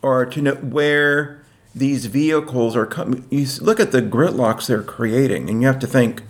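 A man's voice: mid-range voice, normal speed. A man in his sixties co-hosting a podcast, talking politics casually and stretching out key words for emphasis. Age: 60s. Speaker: podcast co-host.

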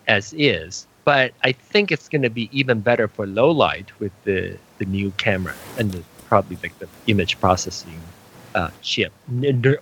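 A man's voice: medium pitch, fairly bright tone, husky, low-quality recording. A man co-hosting a casual tech chat, laughing often and restarting his sentences. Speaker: podcast co-host.

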